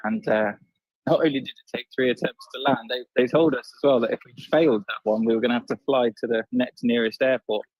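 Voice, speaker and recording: A man's voice: mid-range voice, fairly even intonation, fairly quick, no echo, dull audio. A man co-hosting a live stream, telling stories in an easygoing, chatty way. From outside the US. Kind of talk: casual livestream chat.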